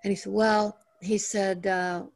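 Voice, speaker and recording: An older woman teaching meditation in a calm, measured way, slowing down to stress her points. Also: medium pitch, dry recording. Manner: calm, measured, slows down for emphasis. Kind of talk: teaching talk. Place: home in the mountains.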